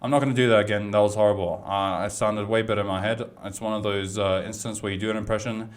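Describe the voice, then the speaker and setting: A man's voice: on the low side, steady tone, quick pace. A young man ranting casually to camera as a YouTube commentator, swearing often and rambling through restarts. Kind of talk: casual profane rant.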